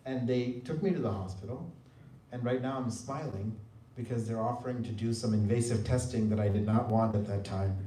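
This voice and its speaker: A middle-aged man tells a personal story to a gathering, bringing it to life with playful voices for the people he quotes. His tone is mellow and soft-edged. He sounds set back from the mic in a roomy hall, with a faint hum of room noise behind him. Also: mid-range voice, distant mic. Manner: animated storyteller, mimics voices when quoting. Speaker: devotional speaker. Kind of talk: personal testimony talk. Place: hall at a spiritual center.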